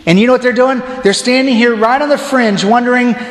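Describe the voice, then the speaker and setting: Male deacon, animated storyteller, high pitch, reverberant church hall. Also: brisk. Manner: animated, acts out crowd voices. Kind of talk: storytelling sermon.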